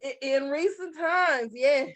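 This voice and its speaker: A woman's voice: sits high, slow pace, a bit bright, a little hiss or hum. A woman co-hosting a casual review chat, mostly agreeing with short replies. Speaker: co-host reviewing a TV competition.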